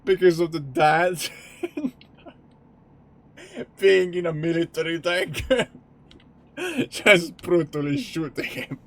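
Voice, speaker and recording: A man's voice: fairly high pitch, takes it slowly, long pauses, a bit bright. A male streamer chatting casually during a game, often breaking into laughter. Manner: giggly, keeps breaking into laughter.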